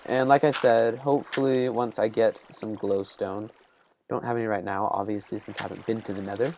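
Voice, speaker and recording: A man's voice: mid-range voice, a little mellow, slight background noise. A man giving casual let's-play commentary, rambling and self-deprecating as he thinks aloud while building. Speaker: gameplay commentator.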